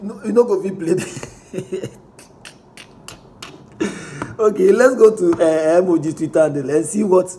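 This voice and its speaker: Animated Ghanaian man with a mellow tone. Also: a little high. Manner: animated, mixing pidgin and English, chuckling often. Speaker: vlogger reacting to online posts. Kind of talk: casual commentary reading posts aloud.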